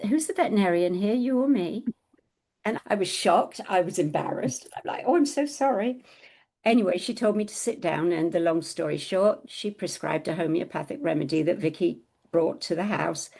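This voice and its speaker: Woman, middle-aged, low pitched, gravelly, animated personal storytelling on a podcast. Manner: animated storyteller who acts out quoted dialogue with laughs. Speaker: podcast co-host telling her story. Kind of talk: storytelling in casual chat.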